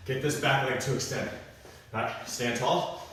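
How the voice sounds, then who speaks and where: A man's voice: mid-range voice, a little slow, a bit bright, a little hiss or hum. A man who is a personal trainer, calling out cues during a workout in short bursts, slightly out of breath. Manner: short spoken cues, checks in with "right?". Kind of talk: live workout instruction. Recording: very echoey room, voice from a distance.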